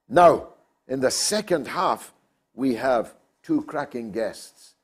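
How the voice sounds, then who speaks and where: A man's voice: mid-range voice, lively intonation, takes it slowly, slightly rough. A man hosting a talk show, delivering an emphatic, oratorical monologue.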